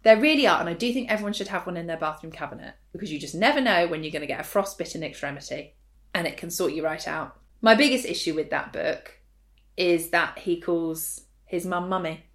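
Frank woman with a low voice. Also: brisk. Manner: frank, opinionated, dry humor. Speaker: podcast co-host. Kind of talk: casual chat.

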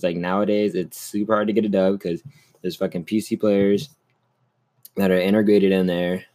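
A man's voice: low-pitched, darkish tone. A young man hosting a solo podcast, rambling in a casual, upbeat way and swearing a lot. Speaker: podcast host.

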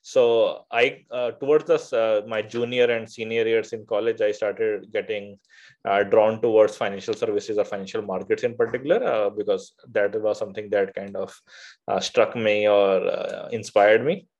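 A man from India speaks as an interview guest with a low-pitched voice. His delivery is halting, with frequent filler sounds and self-corrections. The recording sounds muffled and lo-fi. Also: steady tone, darkish tone. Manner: hesitant, many filler uhs and restarts. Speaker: podcast guest, venture fund founder. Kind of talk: conversational interview.

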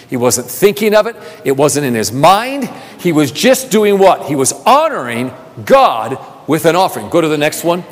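A man preaching a sermon, asking rhetorical questions and repeating phrases, building from soft talk to emphatic calls. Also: fairly high pitch. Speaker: pastor. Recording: long reverb of a large hall.

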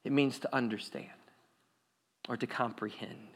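A man preaching a sermon, retelling a parable with lively acted-out crowd voices and rhetorical questions. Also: medium pitch, moderate pace. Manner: animated storytelling, acts out crowd voices. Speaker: pastor.

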